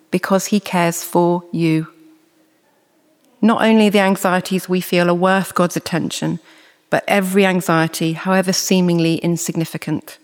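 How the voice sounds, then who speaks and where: Preacher, sermon, earnest, measured delivery, mid pitch, long hall reverb. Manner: measured, earnest, reads scripture slowly.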